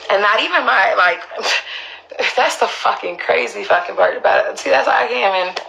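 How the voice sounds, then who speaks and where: A woman's voice: medium pitch, normal speed, vocal fry, bright, forceful tone, a little hiss or hum, low-quality recording. A woman on a live stream, talking emotionally and emphatically, swearing and repeating herself for stress, often asking listeners if they understand. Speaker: livestreamer speaking up for her mother.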